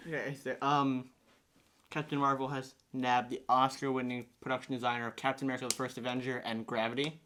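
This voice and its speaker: A man's voice: medium pitch, flat delivery, fairly quick. A man hosting a casual podcast chat, reading out news items and often talking away from the mic. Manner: reads out news items, quiet at times. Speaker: podcast host.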